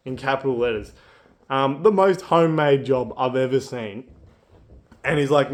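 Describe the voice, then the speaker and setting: A man's voice: medium pitch, fairly quick. Young man, casual chatty anecdote with a mid-range voice. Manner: chatty, lots of fillers and asides. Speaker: storyteller.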